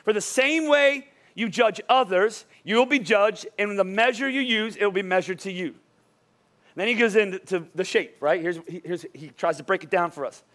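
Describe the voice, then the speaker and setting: A middle-aged male pastor preaching a lively, joking sermon in church, urging the congregation to repeat lines after him. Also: high-pitched, normal speed. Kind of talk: lively sermon with call-and-response. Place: church service before a congregation.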